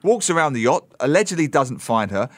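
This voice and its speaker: A man's voice: a little high, big pitch swings, a little fast, no echo, studio quality. Man telling a story with emphatic flair. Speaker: radio co-host. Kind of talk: casual chat, storytelling.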